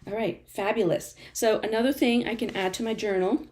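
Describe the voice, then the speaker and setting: A fairly high, slightly mellow voice with fairly even intonation and a brisk pace belongs to a woman teaching art journaling on a studio live stream. She's chatty and encouraging, laughs often and responds to viewers while working, with slight background noise in the recording.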